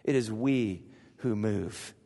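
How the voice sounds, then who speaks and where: A man preaching a sermon as pastor, animated, asking the congregation questions and swinging from hushed to loud. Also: fairly low pitch, slow, creaky. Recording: long reverb of a large hall.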